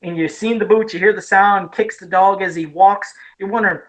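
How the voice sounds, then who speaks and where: Ohio woman on a chatty podcast, mid pitch, rambles on excited with lots of restarts. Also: a little fast, low-quality recording. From Ohio, USA. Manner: eager, rambling retelling with many restarts. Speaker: podcast co-host. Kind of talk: casual podcast chat about horror films.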